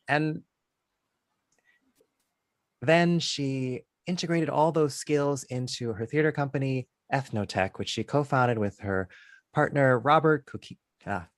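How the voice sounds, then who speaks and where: A man's voice: mid-range voice, no echo, studio quality. A man hosting an online storytelling event and introducing the next teller. He is friendly, stumbles over names and laughs it off, over a video call. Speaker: event host. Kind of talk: introducing a speaker.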